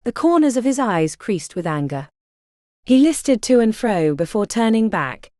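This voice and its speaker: A woman narrating a fantasy audiobook in an expressive storytelling style. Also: on the high side, measured pace, dry recording, studio quality.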